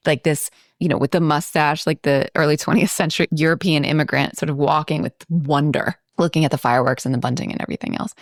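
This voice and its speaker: Low-voiced woman chatting about a film. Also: no room sound, clean studio sound. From Baltimore. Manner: chatty, thinking aloud with many asides. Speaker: podcast co-host. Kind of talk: casual film discussion.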